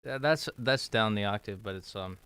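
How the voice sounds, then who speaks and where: A man's voice: fairly low pitch, normal speed, a bit bright, smooth, no room sound. A man talking casually to himself while he practices, feverish and out of breath, with self-deprecating asides. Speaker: musician practicing on camera.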